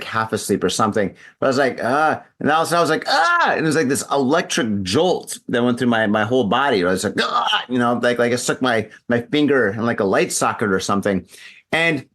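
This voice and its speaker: A drunk podcast host in Japan tells a rambling, profane story during casual chat. His voice is mid-range and a bit bright.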